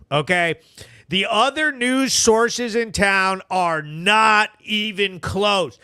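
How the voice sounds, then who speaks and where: A man hosts a live stream in a high, bright voice, talking fast and animatedly and laughing between remarks. The sound is close and dry, with no room behind it. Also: smooth, dry recording. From Vermont, US. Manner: animated, laughing, reads out chat comments. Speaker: host of a local news recap live show. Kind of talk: casual live-stream commentary.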